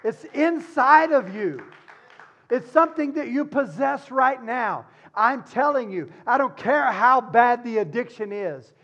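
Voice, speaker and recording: Male pastor, fairly high voice, impassioned sermon delivery, dull lo-fi recording. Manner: impassioned, swinging from loud urgency to hushed tenderness.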